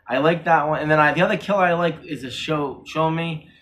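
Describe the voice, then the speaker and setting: A man with a slightly higher voice, chatting casually as a horror movie reviewer. He retells the plot in an excited, rambling way, with many restarts and self-corrections. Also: fairly quick, a little hiss or hum.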